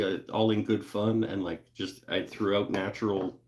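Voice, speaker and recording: Deep-voiced laid-back man chatting on a stream. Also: steady tone, moderate pace, darkish tone. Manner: laid-back, joking, lots of fillers and laughs. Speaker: livestream host. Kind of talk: casual livestream chat reading viewer comments. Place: home woodworking shop.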